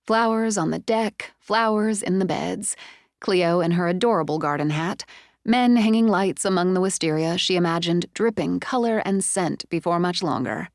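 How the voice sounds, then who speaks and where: A woman narrating a suspense audiobook in a measured, expressive way, close to a studio mic. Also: fairly low pitch, no echo. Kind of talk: scripted narration.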